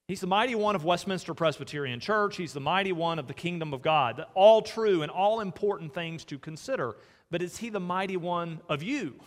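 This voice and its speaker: A man preaching a sermon in a church, earnest and asking his listeners direct questions. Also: high-pitched. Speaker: pastor. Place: church sanctuary. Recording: long hall reverb.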